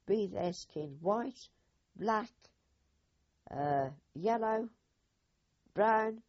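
Slow, husky older woman. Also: medium pitch, lively intonation. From Britain. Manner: unhurried, acts out each speaker's quoted words. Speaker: eyewitness. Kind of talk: oral history storytelling. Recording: dull lo-fi recording.

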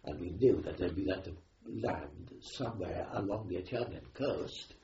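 Older man, Welsh accent, low pitch, rambling with ums, roomy dull tape with faint hiss. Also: normal speed, warm tone. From Wales. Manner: rambling, with many ums and restarts. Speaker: war veteran. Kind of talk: oral history recollection.

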